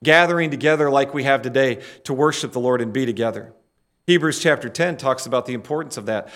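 Middle-aged guy preaching a sermon, bit of a higher voice, gets the crowd to answer back. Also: animated, brisk, a bit bright. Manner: leads the congregation in call-and-response. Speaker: pastor.

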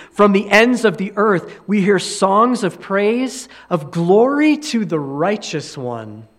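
A male pastor preaching a sermon, emphatic and repeating key phrases, now and then clearing his throat. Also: a little high.

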